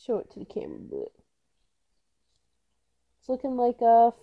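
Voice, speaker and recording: A woman's voice: on the high side, wildly swooping pitch, moderate pace, vocal fry, lo-fi sound. A woman co-hosting a casual simulator golf session, playful and teasing, joking to her viewers as she plays. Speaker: co-host playing simulator golf. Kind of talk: casual banter over a game. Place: indoor golf simulator room.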